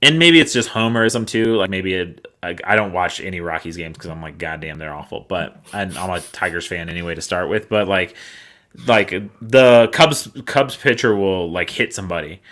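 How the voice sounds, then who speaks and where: Bright, profane podcast co-host man. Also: sits low, normal speed. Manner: profane, animated storytelling with mocking impressions. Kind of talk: casual podcast chat.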